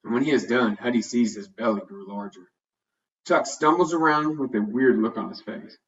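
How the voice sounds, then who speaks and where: A man narrates a children's storybook in a steady, plain reading voice. His pitch sits in the ordinary middle range. The recording is dull and he sounds distant from the mic. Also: moderate pace. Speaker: storybook reader.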